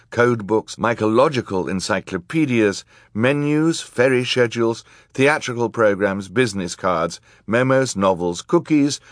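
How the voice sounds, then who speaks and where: A man reading an audiobook aloud in a measured, wry storytelling manner. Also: on the low side, dry recording, clean studio sound. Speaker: audiobook narrator. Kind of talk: scripted narration.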